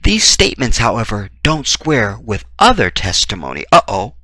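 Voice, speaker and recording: A man giving opinionated true-crime commentary, talking in an emphatic, animated way with blunt, profane remarks. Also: lowish voice, moderate pace, dry recording. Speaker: commentary vlogger.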